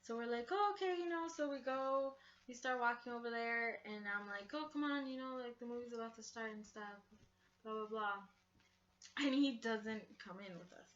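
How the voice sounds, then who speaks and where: Young woman, bright tense voice, chatty storyteller, swears a lot, muffled lo-fi audio. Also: fairly high pitch, normal speed. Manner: chatty, swears, lots of fillers. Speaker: vlogger. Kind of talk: casual storytime. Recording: dull lo-fi sound.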